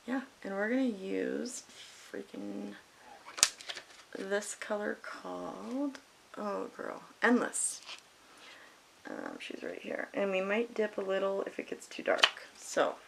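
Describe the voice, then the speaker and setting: A woman's voice: mid-range voice, big pitch swings, slow, creaky, long pauses. A middle-aged woman vlogging casually while doing her makeup, candid and emotional, swearing freely and rambling. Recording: faint hiss.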